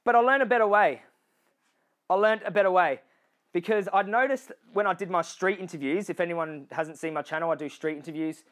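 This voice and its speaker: A man's voice: high voice, fairly bright tone. A man with an Australian accent giving a motivational speech to a crowd. He addresses the listeners directly, often checking in with "okay?" and "you know", and he acts out other people's lines in changed voices.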